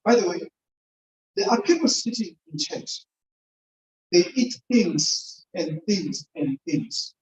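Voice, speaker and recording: A woman's voice: lowish voice, big pitch swings, takes it slowly, long pauses, darkish tone. A woman speaking informally to a church congregation, often quizzing her listeners. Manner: chatty, keeps quizzing the congregation. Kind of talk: informal sermon-style talk. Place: church hall. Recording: echoey, dull, distant church recording.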